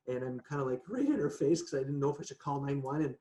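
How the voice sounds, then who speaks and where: Male guest, mid pitch, animated casual storyteller, echoey video call audio. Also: rapid-fire, a little hiss or hum. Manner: chatty, animated, laughs often, says "right?" a lot. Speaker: podcast guest. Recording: echoey room.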